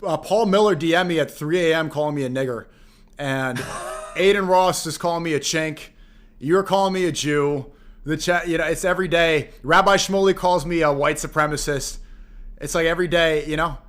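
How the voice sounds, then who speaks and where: A man in his thirties chatting casually on a podcast, relaxed and wry. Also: fairly high pitch, moderate pace. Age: 30s.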